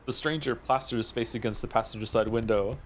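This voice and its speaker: A man streaming, reading a visual novel aloud with animated narration and quick asides. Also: mid-range voice, a little hiss or hum. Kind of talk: reading game text aloud. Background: game music.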